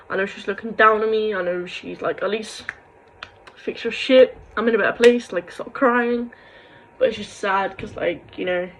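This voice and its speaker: A woman's voice: medium pitch, a bit bright, slight background noise, low-quality recording. A young woman talks in an emotional confessional vlog, rambling and heartfelt, and at times bursts into angry rants. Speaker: vlogger.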